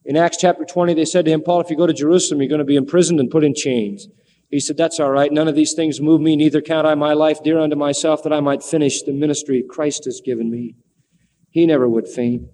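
A man preaching a folksy sermon, acting out voices of biblical figures with wide swings in pitch. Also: fairly even intonation, fast talker, warm tone. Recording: long hall reverb.

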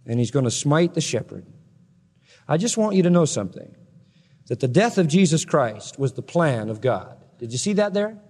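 A man preaching an expository sermon, swinging from loud proclamation to hushed emphasis. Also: fairly high pitch, very animated, normal speed. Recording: long hall reverb.

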